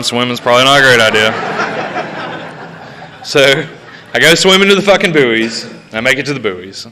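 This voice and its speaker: A man's voice: on the low side, normal speed, sharp tone, clear, resonant tone. A man sharing a personal recovery story at a meeting, profane and self-mocking, laughing at himself as he talks. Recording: reverberant hall.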